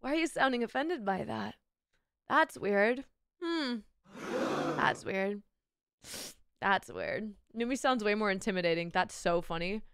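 A woman's voice: mid-range voice, a little slow, pauses often, fairly bright tone, clean tone, dry recording, clean studio sound. A young woman streamer with a sick, sore throat, chatting playfully with her viewers and swearing freely. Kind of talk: casual live-stream chat with viewers.

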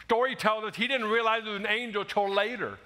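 A male pastor delivering a sermon with a high, bright, ringing voice. He preaches in an animated, conversational way, slipping into short acted-out quotes. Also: quick pace. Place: church sanctuary.

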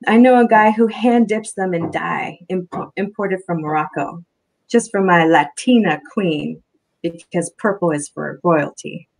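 A sleazy young man leans in with slow, oily flattery, as a female reader acts him out. His voice slides between hushed and showy with a gravelly texture. He sounds pleased with himself. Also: low-quality recording. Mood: smarmy. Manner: smarmy, flattering, low and slow. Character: smooth-talking, sleazy young man, the boyfriend.

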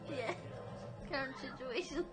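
A Scottish woman chatting casually in a home vlog, giggling often and bluntly teasing her dogs. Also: high voice. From Scotland. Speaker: vlogger.

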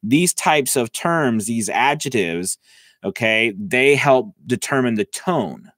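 A man giving a casual voice-over lesson, talking into a close mic and filling pauses with "all right" and "okay". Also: mid-range voice, expressive, a bit bright, dry recording. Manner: chatty, lots of "all right" and "okay" fillers. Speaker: voice-over coach. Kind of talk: casual tutorial talk. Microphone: close mic, about six inches away.

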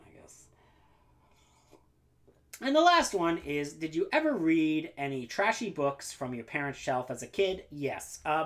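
A man's voice: on the high side, a bit bright. Rambling, self-mocking young man vlogging. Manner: rambling and self-deprecating, full of ums and likes. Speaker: book vlogger. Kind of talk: casual book tag vlog.

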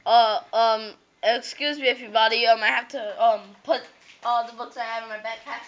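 A woman chatting through her gameplay, excitable and jokey, with sing-song repeated words. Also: fairly high pitch, normal speed, dull audio. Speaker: gameplay commentator. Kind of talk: casual game commentary.

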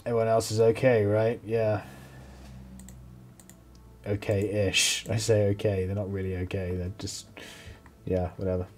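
A man commentating his own strategy gameplay, swearing freely and getting loud when the fight turns. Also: lowish voice, measured pace, pauses often. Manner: excitable, swears a lot, mocks enemies. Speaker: let's play host.

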